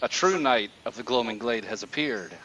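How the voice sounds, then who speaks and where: A man's voice: mid-range voice, expressive, moderate pace, bright, forceful tone, dull audio, a little hiss or hum. A man voicing a wary, agitated talking raven that guards a king in a tabletop game and questions the strangers who approach.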